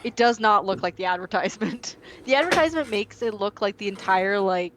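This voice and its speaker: A woman's voice: mid-range voice, a little fast, background noise. A woman hosting a live stream, chatting casually and playfully and talking to her chat. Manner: relaxed, playful, chuckling asides to chat. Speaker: streamer host.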